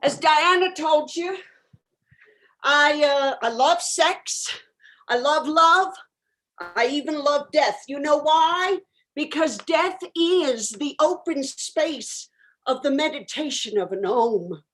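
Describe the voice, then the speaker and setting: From a bedroom at home, a woman improvises a comic character over a video call: a flaky, self-absorbed new-age guru of sex and spirit who rambles dreamily and sounds spacey. Her voice is high, slow-paced and slightly bright.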